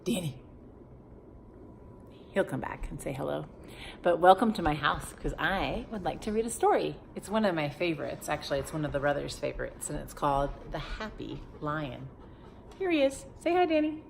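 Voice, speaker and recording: A woman teacher reading a picture book aloud to children from her home, expressive and animated. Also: low voice, brisk, vocal fry, a little hiss or hum. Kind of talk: storytime read-aloud.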